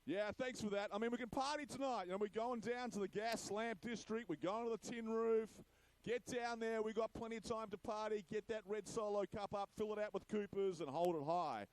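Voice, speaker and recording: Boisterous high-voiced emcee. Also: male voice, brisk, dry recording, rough recording. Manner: jokey, boisterous, hushing the crowd. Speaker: master of ceremonies. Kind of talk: awards-ceremony emcee speech.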